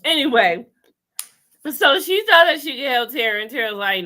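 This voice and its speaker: A woman hosting a casual chat over a video call, talking in an animated, sassy way with lots of slang and laughter. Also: a little high, measured pace. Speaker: podcast host recapping a TV show.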